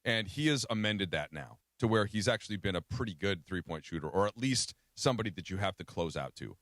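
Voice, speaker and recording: A man's voice: low voice, animated, brisk, a bit bright, dry recording. A man talking sports on a radio show in a studio, conversational and often restarting his sentences. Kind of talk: casual sports radio discussion.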